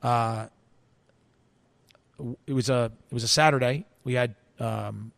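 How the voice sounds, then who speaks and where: A man's voice: medium pitch, fairly even intonation, unhurried, vocal fry, no room sound. A man telling a story in an interview, acting out quoted voices, with frequent restarts. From United States. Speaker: interview guest.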